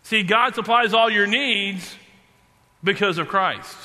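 A man preaching a sermon, halting and repeating himself, then slowing down to stress key words. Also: sits high, bright, forceful tone. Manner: halting, repeats and restarts phrases. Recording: long hall reverb.

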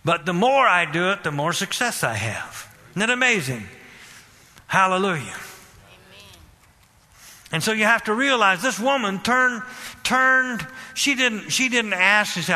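A man preaching a sermon with fervent, repetitive exhortation that rises to loud emphasis. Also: high voice, animated, unhurried, pauses often. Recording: long hall reverb.

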